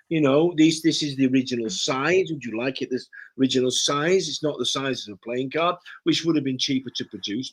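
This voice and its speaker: A man's voice: medium pitch, a bit bright. A man, a guest author in a casual conversation, who tells stories animatedly and acts out the dialogue. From Yorkshire, England.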